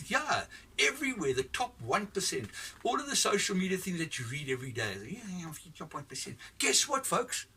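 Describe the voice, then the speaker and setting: A man's voice: high voice, bright, forceful tone, far from the mic. A man giving a blunt, profane, rambling opinion rant, recorded from off the mic with faint noise behind him. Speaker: commentator giving his opinion.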